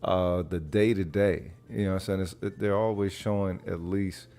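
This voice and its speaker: A man's voice: sits low, fairly even intonation, moderate pace, dark tone. A man in casual group chat, wry and sarcastic, speaking with animation.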